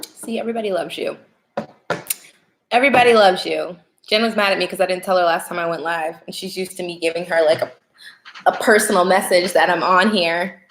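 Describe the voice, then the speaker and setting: A woman's voice: fairly low pitch, brisk, a bit bright, slight background noise. A young woman hosting a casual live stream as a tarot reader, chatting, greeting viewers by name and laughing often.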